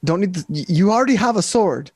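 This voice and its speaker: A man's voice: sits high, expressive, fast talker, darkish tone, husky, dry recording, clean studio sound. A man playing a tabletop game, giving playful, mock-serious advice in character. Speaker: player.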